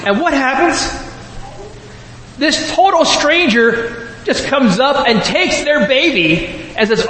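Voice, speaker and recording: A man's voice: very high-pitched, animated, slow pace, sharp tone, a little hiss or hum. Man preaching with humor in an echoey hall. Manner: humorous, storytelling, addresses the audience directly. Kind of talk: conversational sermon. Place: large hall with a live audience. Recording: echoey hall, faint ambience.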